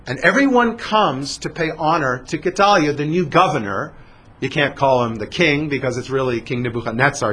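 Casting: male teacher-storyteller, animated and bright, husky edge. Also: fairly high pitch. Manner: animated, conversational asides. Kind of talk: dramatic biblical storytelling.

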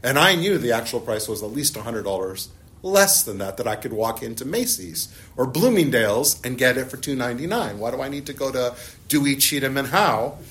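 A middle-aged man leads a Bible class with a lively, swooping delivery. His pitch sits in a middle register. He mixes close reading of the text with chatty personal anecdotes and keeps putting questions to his listeners. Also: brisk, slight background noise. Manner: animated, storytelling, asks the class questions. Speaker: Bible teacher.

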